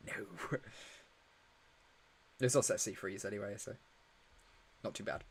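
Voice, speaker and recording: A man's voice: lowish voice, a little slow, pauses often, breathy edge. A man hosting a casual live watch-along, chatty and joking as he reacts to the action and answers viewer questions, tired and yawning. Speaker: livestream host.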